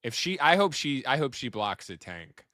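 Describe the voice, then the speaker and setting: A man on a comedy podcast who reacts with profane disbelief and loose, joking talk. His pitch swings widely as he speaks, and he is recorded close and dry. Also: moderate pace, no echo. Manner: lively, profane, incredulous. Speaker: podcast co-host. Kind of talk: casual comedic chat.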